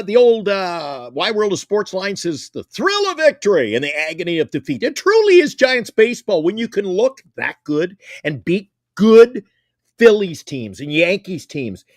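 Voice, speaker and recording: A man's voice: high voice, no room sound, clean studio sound. A man co-hosting a sports talk show, talking in an emphatic, heated way and swearing.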